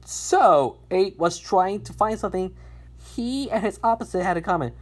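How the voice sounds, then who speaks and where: Storybook reader, woman, husky and animated, frequent restarts. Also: fairly low pitch, normal speed. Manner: lively, with frequent restarts and stumbles. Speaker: narrator reading a fan story. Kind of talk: storybook reading.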